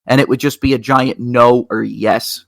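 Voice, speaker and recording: Man, racing show co-host, casual rambling storyteller, mid pitch, dry close sound. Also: normal speed, gravelly, no room sound. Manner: rambling, animated storytelling with restarts. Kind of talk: casual chat.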